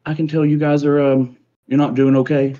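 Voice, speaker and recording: A man voicing a short, rotund male nobleman who runs a carnival and speaks in a slow, soothing drawl in a lo-fi recording. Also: fairly high pitch, flat delivery, dark tone, voice pushed up, lightly acted.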